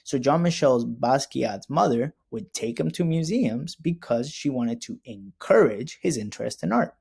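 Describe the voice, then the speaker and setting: A man teaching a recorded lesson to young students, speaking slowly and clearly with repeat-after-me prompts. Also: mid-range voice, expressive, darkish tone.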